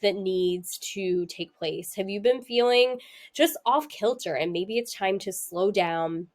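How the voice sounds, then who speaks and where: A woman's voice: mid-range voice, unhurried, a little mellow. A young woman hosting a casual astrology talk, chatty and candid, laughing often and using many fillers. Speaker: astrology host. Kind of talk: casual spiritual talk to camera.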